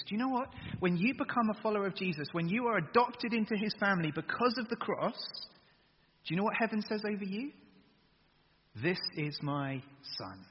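A man's voice: high-pitched, a little hiss or hum. A man preaching an earnest sermon to a congregation, full of emphatic rhetorical questions. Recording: dull sound with long hall reverb.

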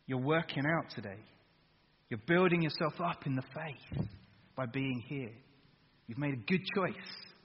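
A man preaching a sermon, asking his listeners direct questions in a lively way. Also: medium pitch, measured pace, breathy edge. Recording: dull recording with long hall reverb.

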